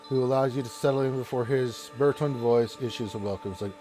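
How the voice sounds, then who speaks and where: A man's voice: mid-range voice, quick pace, dark tone, faint music behind. A man narrating a tabletop game as game master, rambling with restarts.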